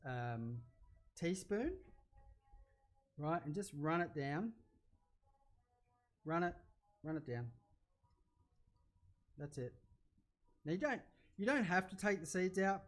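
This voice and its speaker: With a fairly high-pitched voice, this middle-aged Australian rambles casually through his cooking livestream, turning loud whenever excitement takes over.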